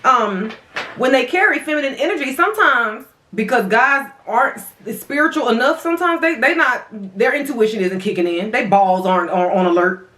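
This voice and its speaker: A woman's voice: on the high side, expressive, moderate pace, sharp tone, echoey room. A woman vlogger chatting casually to viewers while eating, calling them y'all, her voice swinging up and down. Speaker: mukbang vlogger.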